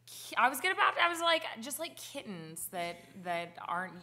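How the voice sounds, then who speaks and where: A woman's voice: fairly high pitch, very animated, moderate pace, sharp tone. A woman moderating a convention panel, chatty and playful, laughing often. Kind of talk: panel discussion, casual.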